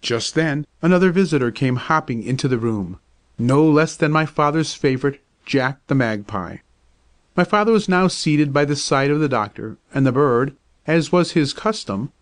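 A man's voice: fairly high pitch, lively intonation, normal speed, no room sound. Man reading a storybook tale. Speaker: narrator. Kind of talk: scripted storybook narration.

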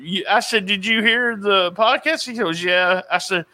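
A man's voice: high voice, normal speed, hardly any pauses, pushed and bright. A man hosting a podcast in casual chat, rambling with fillers and restarts. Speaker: podcast host.

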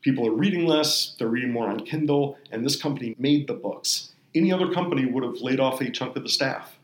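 A man hosting a podcast, telling earnest, emotional stories in a relaxed conversational way. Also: medium pitch, fairly quick, roomy sound, low-quality recording. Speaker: podcast host. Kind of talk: conversational storytelling.

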